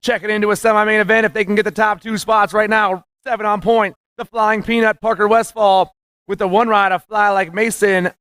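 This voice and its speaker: A man calling live races as the announcer, excited and punchy, rattling off names and nicknames. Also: high-pitched, brisk, smooth, dry recording, studio quality. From USA. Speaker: race announcer. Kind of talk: live race commentary.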